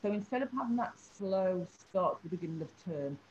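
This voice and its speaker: A woman's voice: medium pitch, a little fast. A woman, a teacher, telling an anecdote in an interview and acting out the people in it. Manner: animated storytelling, acts out the people she describes. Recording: slightly dull recording with faint background hum.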